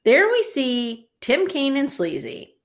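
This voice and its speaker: A woman co-hosting a podcast, casually recapping a TV episode with jokey, animated storytelling. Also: high voice, takes it slowly. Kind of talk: casual chat.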